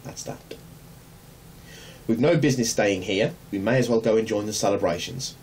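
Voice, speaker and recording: Old wizard headmaster, wry and calm, put on by a male narrator; set-back mic. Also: on the low side, close to an everyday voice. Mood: subdued. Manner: mild, dry, unhurried. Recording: distant mic, faint hum.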